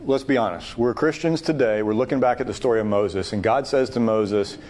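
A man leading a Bible study, teaching in a loose, discussion-style way. He talks emphatically and restarts phrases as he works through an idea. His voice sits in a middle pitch. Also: fairly quick, a little mellow, slight background noise. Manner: emphatic, thinks aloud with restarts.

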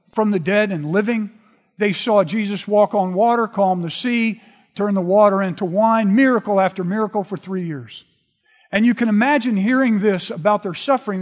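A man preaching a sermon, retelling scripture in a relaxed, conversational storytelling way. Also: high voice. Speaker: pastor. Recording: long reverb of a large hall.

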